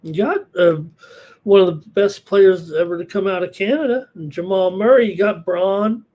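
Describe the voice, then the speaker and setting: Male betting-show host, hoarse, slightly high voice, casual rambling live analysis. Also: normal speed, darkish tone, muffled recording. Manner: rambling, thinks aloud with fillers. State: hoarse, losing his voice.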